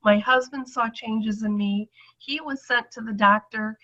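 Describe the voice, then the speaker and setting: A woman's voice: a little high, steady tone, a little slow, sharp tone, lo-fi sound. A middle-aged woman giving a chatty personal testimonial to an audience, acting out the voices she quotes.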